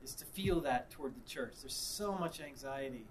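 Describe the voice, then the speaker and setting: A man preaching, mixing reflection with an animated story in which he acts out the people involved. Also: medium pitch, normal speed, slight background noise. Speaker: pastor. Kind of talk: sermon with storytelling.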